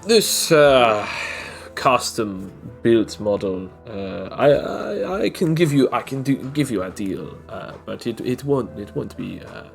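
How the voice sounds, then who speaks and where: Brief: man voicing a haughty accented merchant, stiff manners, unhurried. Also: medium pitch, big pitch swings, vocal fry, soft background music, full character voice. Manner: formal, condescending, halting. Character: haughty male shopkeeper with a foreign accent.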